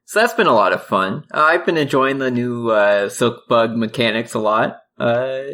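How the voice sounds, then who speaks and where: A man's voice: medium pitch, lively intonation, normal speed, sharp tone. A man co-hosting a casual gaming podcast, easygoing and chatty, enthusiastic about what he plays. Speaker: podcast co-host.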